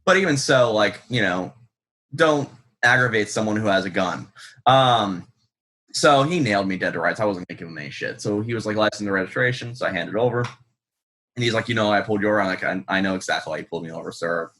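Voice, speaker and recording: This US-born author has a lowish voice with a sharp tone and a fast delivery. As an interview guest he tells casual stories in a rambling, profane, self-deprecating manner packed with ums.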